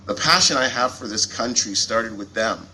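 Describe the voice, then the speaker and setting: A man's voice: mid-range voice, normal speed, sharp tone, a little hiss or hum, low-quality recording. A man in his forties from Canada, gives a joking and openly emotional speech as a company CEO to an audience at a launch event. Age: 40s. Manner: self-deprecating, jokey, openly emotional. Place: event hall before an audience.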